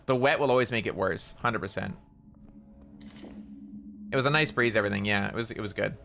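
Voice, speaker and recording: A man's voice: fairly low pitch, fairly quick, vocal fry, sharp tone, faint music behind. A man streaming a game and telling a rambling story, stumbling over and repeating words and swearing casually. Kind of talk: casual storytelling while gaming.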